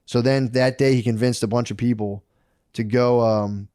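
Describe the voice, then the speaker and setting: A man's voice: medium pitch, fairly even intonation, normal speed, dark tone, clean tone, dry recording, studio quality. A man co-hosting a podcast, retelling history in a rambling, profane way full of bro slang. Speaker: podcast co-host. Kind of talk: casual history storytelling.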